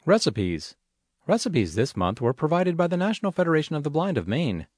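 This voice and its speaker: This audio magazine reader narrates articles from a script in a clear, measured way, his sing-song pitch rising and falling to keep the reading lively. The sound is close and dry, without any room echo.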